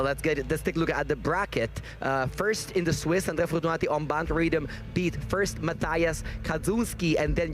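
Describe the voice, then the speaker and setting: Chatty male tournament commentator. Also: a little high. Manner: chatty, joking, with frequent fillers. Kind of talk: live esports-style commentary. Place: tournament venue.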